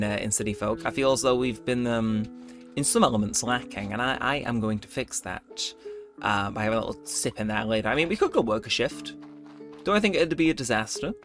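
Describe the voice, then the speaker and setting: Chatty man, lively pitch. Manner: rambling, chatty, laid-back late-night talk. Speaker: gameplay video host. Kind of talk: casual let's-play commentary. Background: faint game music.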